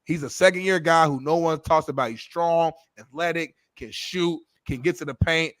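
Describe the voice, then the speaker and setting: A man's voice: on the high side, normal speed, fairly bright tone, dry recording, clean studio sound. A man co-hosting a sports talk show, arguing emphatically and swearing as he makes his case. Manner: emphatic, swears, argues point by point. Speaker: co-host.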